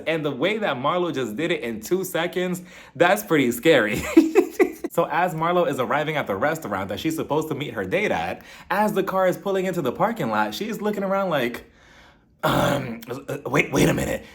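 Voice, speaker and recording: A man's voice: fairly high pitch, a bit bright. A man casually reviewing a reality TV episode, acting out quotes and laughing often. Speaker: TV recap reviewer.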